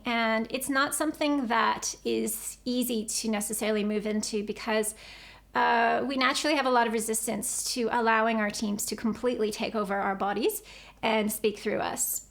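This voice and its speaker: A woman's voice: on the high side, fairly bright tone. A woman teaching about channeling, earnest and repetitive as she explains things step by step. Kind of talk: explanatory spiritual teaching video.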